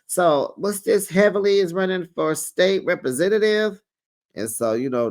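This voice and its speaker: A man's voice: sits high, lively intonation, moderate pace. Sassy man recapping reality TV. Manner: sassy, playful gossip with slang asides. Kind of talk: casual TV recap commentary.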